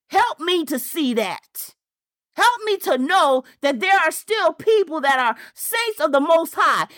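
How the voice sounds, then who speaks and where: A woman pastor preaches fervently, repeating her points and firing off rhetorical questions in a casual, folksy Southern-style way, with words like y'all and ain't. Her high voice sounds pushed and bright, captured with studio quality and no echo.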